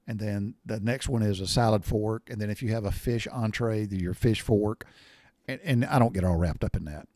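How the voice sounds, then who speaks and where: An older man with a lowish, darkish voice shares folksy memories from home in a rambling monologue, cussing mildly along the way. There is no room sound in the recording.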